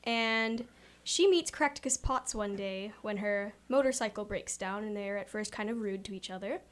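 A woman's voice: mid-range voice, normal speed. A young woman, a cast member in a show, answering interview questions eagerly. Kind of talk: casual interview chat.

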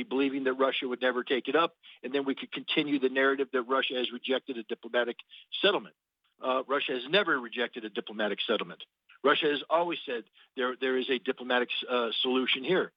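A blunt, sardonic man with a mid-range voice comments as a guest analyst in a radio interview, with no echo. The radio sounds dull, and he repeats words while finding them.

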